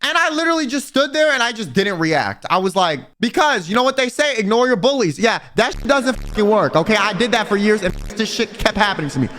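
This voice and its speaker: A young man telling a personal storytime in casual, profane slang, animated and blunt. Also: high voice. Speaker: vtuber and livestreamer. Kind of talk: storytime rant.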